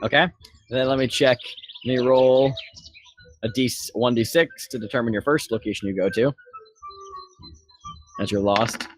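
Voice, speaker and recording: A man's voice: mid-range voice, steady tone. Guy running a tabletop game, lots of um and uh, mid voice, faint music behind. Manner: halting, heavy with fillers. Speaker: game master.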